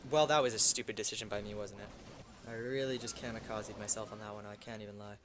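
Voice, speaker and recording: Excitable young man on gameplay commentary. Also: fairly low pitch, fast talker, background noise. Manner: excitable, swears, shouts at wins and losses. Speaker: gaming YouTuber.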